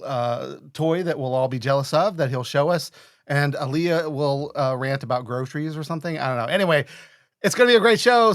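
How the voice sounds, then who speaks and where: A man's voice: medium pitch, no echo, clean studio sound. A man hosting a live-streamed podcast in casual, upbeat, rambling chat. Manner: upbeat, rambling, laughs often. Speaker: podcast host.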